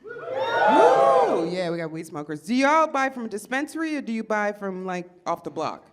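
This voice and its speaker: A woman doing stand-up comedy, loud and profane, laughing at her own jokes. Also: medium pitch. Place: live comedy show before an audience.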